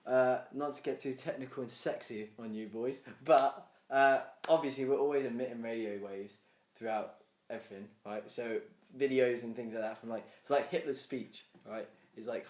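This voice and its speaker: Young guy rambling on a podcast, laughs a lot, echoey room. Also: medium pitch. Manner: rambling, animated, laughs often. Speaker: podcast co-host. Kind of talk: casual banter. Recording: roomy podcast recording.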